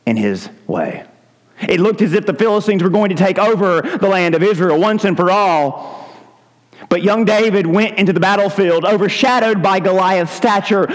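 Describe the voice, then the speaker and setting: A man preaching a sermon, dramatic, swinging between loud calls and low hushed lines. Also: in a large hall, low-quality recording. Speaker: pastor. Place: church sanctuary.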